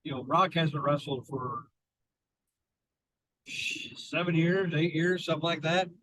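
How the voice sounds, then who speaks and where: A man's voice: fairly high pitch, steady tone, a little slow, a bit bright, no room sound, low-quality recording. A man co-hosting a podcast in loose casual chat, cursing now and then. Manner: conversational, loose, swears casually. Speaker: podcast co-host.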